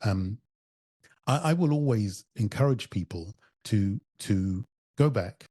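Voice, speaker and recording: Male podcast host, husky, dark tone, reflective and questioning. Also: on the low side, expressive, slow pace, dry recording. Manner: thoughtful, recounting and posing questions. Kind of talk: conversational podcast interview.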